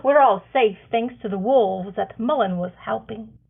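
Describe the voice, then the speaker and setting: A woman's voice: fairly high pitch, measured pace, gravelly, breathy edge, exaggerated voice. A woman reading aloud and voicing a man scout who calls down from a tree. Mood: calling out. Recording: tinny phone-like sound.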